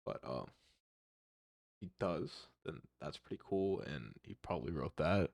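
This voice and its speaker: A young man reacts to music in a low, gravelly voice with a relaxed, hesitant ramble and frequent swearing. His talk is close to the mic and completely dry, with no room sound. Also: measured pace, no room sound. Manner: rambling, hesitant, swears often, many restarts. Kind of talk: casual reaction commentary.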